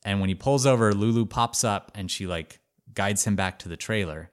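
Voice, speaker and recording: A man co-hosting a podcast, telling a story in a casual, animated way with lots of "like" fillers. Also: fairly low pitch, moderate pace. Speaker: podcast co-host.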